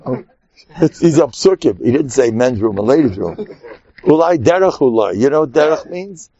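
A man's voice: mid-range voice, lively intonation, normal speed, warm tone. A man giving an informal, joking religious talk full of personal stories and Yiddish and Hebrew terms, in a dull lo-fi recording. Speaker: religious speaker.

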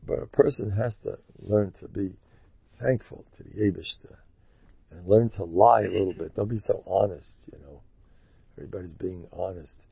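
A man giving a sermon, telling stories in a rambling, animated way. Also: fairly low pitch, vocal fry, slightly rough, no echo. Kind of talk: sermon with storytelling. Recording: dull lo-fi dry recording.

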